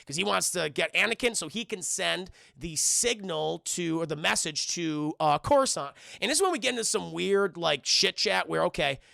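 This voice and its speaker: Gravelly young guy recapping a movie for his chat, swears a lot, slips into silly character voices, kinda high voice, dry close sound. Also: expressive, moderate pace, hardly any pauses, pushed and bright, dry recording. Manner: profane, rambling, acts out scenes in character voices. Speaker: film reviewer streaming with chat. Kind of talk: casual livestream recap.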